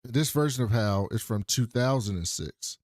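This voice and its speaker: A man's voice: mid-range voice, normal speed, no room sound, studio quality. Man animatedly recapping a show. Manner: animated storytelling, profane. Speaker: podcast co-host. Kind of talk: casual TV recap chat.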